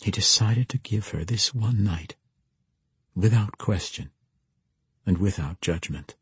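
A man narrating a fantasy audiobook in a steady, measured way. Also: on the low side, husky, no echo.

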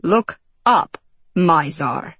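A man's voice: fairly high pitch, expressive, extremely slow, pushed and bright, slightly rough, no echo, full character voice. A woman reading a storybook voices a gloomy, despairing male court astronomer who talks to his servant with exasperation and scorn.

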